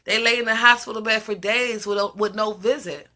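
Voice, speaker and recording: Emphatic woman with a bright, ringing voice. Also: mid-range voice, steady tone, normal speed. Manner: emphatic, repeats questions. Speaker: host of a live discussion. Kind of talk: casual live-stream talk.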